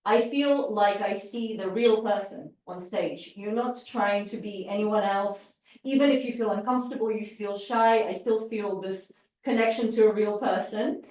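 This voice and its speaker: A woman's voice: medium pitch, moderate pace, a little mellow. A woman giving an encouraging live evaluation of a speech at a public speaking club, demonstrating vocal emphasis. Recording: echoey room, distant mic.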